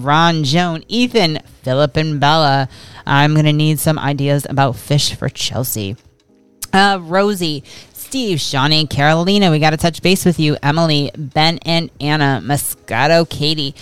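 Smooth-voiced woman co-hosting a chat show. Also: deep voice, measured pace, dry recording. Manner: easygoing, hesitant, with fillers and giggles. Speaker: co-host. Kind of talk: casual radio show chat.

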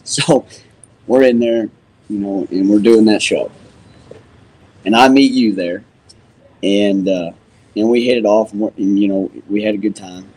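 In a casual interview at a museum, a rodeo announcer tells stories, animatedly acting out the dialogue he quotes. His voice is fairly low-pitched, his pace measured with long pauses, and the recording is low quality.

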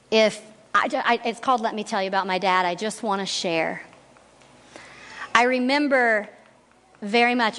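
A woman speaking at a church, telling a personal faith story as an animated storyteller who acts out the voices. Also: medium pitch. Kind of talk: sermon testimony storytelling. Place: church sanctuary. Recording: long reverb in a church hall.

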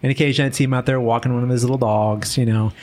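A man co-hosting a relaxed podcast and chatting with a colleague. He tells stories with energy and slips into the voices of the people he quotes. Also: mid-range voice, very fast. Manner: animated storyteller, acts out quoted voices. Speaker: co-host. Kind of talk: casual podcast chat.

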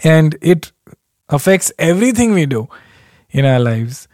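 A man's voice: fairly high pitch, sing-song, a little slow, a little mellow, dry recording. Man, solo podcast host, loose rambling chat, chuckles a lot, dry close sound. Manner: rambling, self-deprecating, chuckles often.

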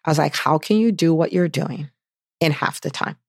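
Enthusiastic woman podcast host, gravelly. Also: sits low, normal speed, dry recording, studio quality. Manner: enthusiastic, animated storytelling with repeated questions. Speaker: podcast host and physician business coach. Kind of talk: solo podcast monologue.

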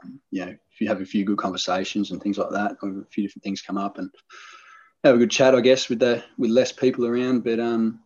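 Husky laid-back Australian man. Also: fairly low pitch, level tone, fast talker, darkish tone, lo-fi sound. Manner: rambling, laid-back, many fillers and restarts. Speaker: podcast guest, hunter. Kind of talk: casual storytelling.

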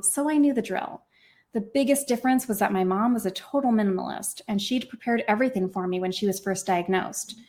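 A woman author and podcast host reading her own novel aloud with expressive, lively storytelling. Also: mid-range voice.

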